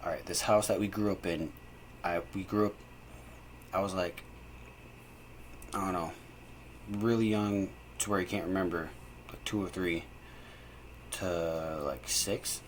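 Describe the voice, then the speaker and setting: A man's voice: steady tone, a little slow, long pauses, a little hiss or hum, low-quality recording. A young man co-hosting a podcast, telling stories in a rambling, casual way with lots of fillers. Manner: rambling, lots of fillers, quotes people in a put-on high voice. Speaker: podcast co-host. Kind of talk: casual chat storytelling.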